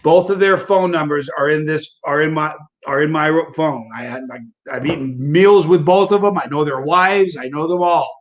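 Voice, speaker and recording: Male guest, relaxed and conversational, somewhat high voice. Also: moderate pace, few pauses. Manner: relaxed, conversational, restarts sentences. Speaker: interview guest, hot-sauce eater. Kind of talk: casual interview.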